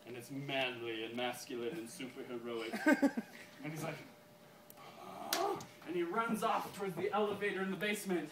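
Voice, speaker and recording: Giggly man pitching a story, echoey room. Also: steady tone. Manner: giggly, keeps breaking into laughs; halting, many restarts. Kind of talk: casual story pitch to a group. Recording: echoey room, far from mic, crowd around.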